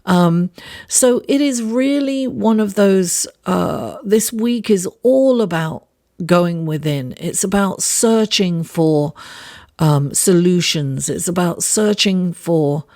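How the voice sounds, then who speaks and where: Slow, raspy woman reading tarot. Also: fairly low pitch, darkish tone. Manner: unhurried, reflective, many fillers and restarts. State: raspy voice, under the weather. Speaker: astrologer and tarot reader. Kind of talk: weekly horoscope and tarot reading.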